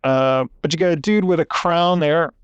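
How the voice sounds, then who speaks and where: A man co-hosting a podcast over an online call, talking in a relaxed, offhand way. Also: fairly high pitch, moderate pace, clean tone, dry recording, lo-fi sound. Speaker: podcast co-host. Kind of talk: casual discussion.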